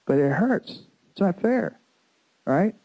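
A middle-aged man giving a talk to an audience, telling a personal story in an animated way, often restarting and repeating words and calling his listeners folks. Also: high-pitched, slow pace, gravelly, husky, low-quality recording.

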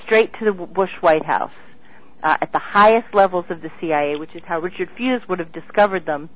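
A woman's voice: lowish voice, fairly quick. Woman guest rambling on, lots of restarts, kinda muffled radio sound. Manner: rambling, excitable, with many restarts. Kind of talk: interview.

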